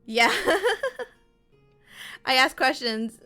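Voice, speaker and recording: Bright, chatty woman streamer. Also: high-pitched, sing-song, extremely slow, soft background music. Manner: chatty and rambling, often acts out her own and others' words. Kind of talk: casual chat while livestreaming a game.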